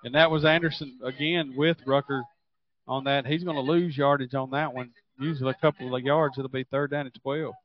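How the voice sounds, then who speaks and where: A man giving color commentary on a high school football game in a folksy, halting way with plenty of fillers. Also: fairly even intonation, lo-fi sound.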